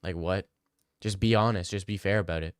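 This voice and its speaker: A blunt, argumentative man hosting a livestream Q&A and pushing back at his chat. His voice is somewhat low for a man, smooth and clear. The recording is close and dry. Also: brisk, dry recording. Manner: blunt, argumentative, swears freely. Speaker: livestream host answering chat. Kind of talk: casual livestream Q&A.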